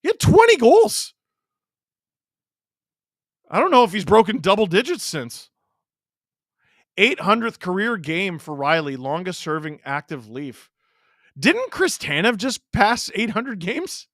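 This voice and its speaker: A man hosting a live hockey watch-along, giving excitable play-by-play reactions and sarcastically heckling the referees. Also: high-pitched, a little slow, no room sound, clean studio sound.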